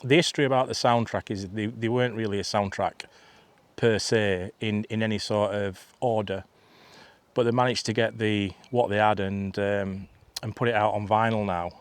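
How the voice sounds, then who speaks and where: Outdoors in a field, this vlogger in his 50s talks through a loose, chatty story, backtracking and adding side remarks. His pitch is fairly low, his tone steady, and his speed normal, with no room sound.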